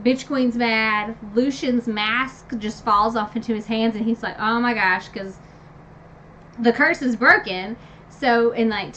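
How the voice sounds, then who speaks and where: Woman, bright voice, chatty book recap, excitable, fillers, slightly high, dull lo-fi recording. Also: a little hiss or hum. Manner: animated, gushing, many fillers, jumps to high squeals when excited. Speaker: book review vlogger.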